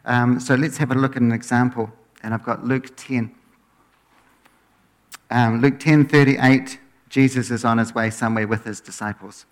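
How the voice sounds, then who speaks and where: Male pastor, easygoing conversational sermon, phrase endings drop off softly. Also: mid-range voice, moderate pace. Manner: relaxed, often trails off quieter at phrase ends.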